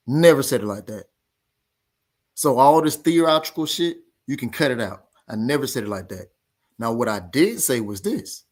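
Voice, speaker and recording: Fired-up man ranting. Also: medium pitch. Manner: animated, repetitive, argumentative. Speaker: boxing show host. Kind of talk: heated casual rant.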